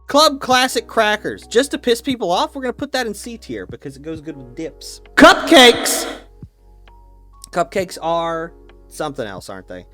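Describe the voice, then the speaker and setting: Opinionated, swearing man with a lively voice. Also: a little high, brisk, soft background music. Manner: opinionated, profane, mock-dogmatic; rambling with frequent restarts. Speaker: YouTuber ranking snacks. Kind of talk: casual ranting commentary.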